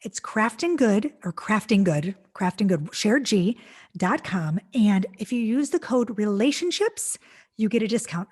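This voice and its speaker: A middle-aged woman hosting a podcast, chatting casually with a guest in a gushing, effusive way, full of quick restarts. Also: medium pitch, big pitch swings, darkish tone, slightly rough. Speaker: podcast host. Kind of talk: casual interview chat.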